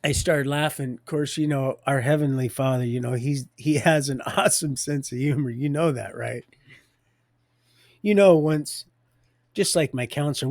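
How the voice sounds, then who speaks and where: A man's voice: mid-range voice, darkish tone, dry recording, studio quality. A man hosting a live stream, telling a faith story in a rambling way, often laughing mid-sentence and repeating his words.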